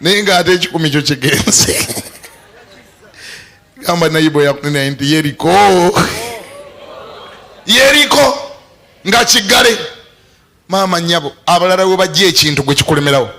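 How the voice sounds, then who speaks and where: A man preaching a sermon as a bishop, animated and laughing often, breaking into shouts. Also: on the high side, brisk. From Uganda.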